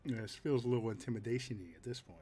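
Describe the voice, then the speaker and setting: A man running a tabletop game as game master, narrating in a relaxed, halting way. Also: medium pitch, crowd noise. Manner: relaxed, hesitant with fillers.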